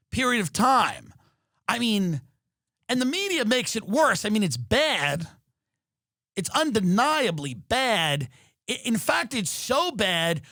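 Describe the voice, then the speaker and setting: Sardonic and exaggerated, a fairly high-voiced man from New York rants for laughs as a podcast host in his LA home studio. He darts between hurried bursts and lingering, drawn-out phrases, at times shouting for emphasis, recorded dry and up close with no echo.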